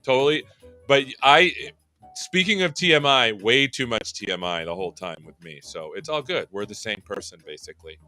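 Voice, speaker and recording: A man's voice: mid-range voice, lively intonation, normal speed, bright, forceful tone, faint music behind. A man hosting a livestream tech show, chatting casually and joking at his own expense. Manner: joking, self-deprecating. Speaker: show host.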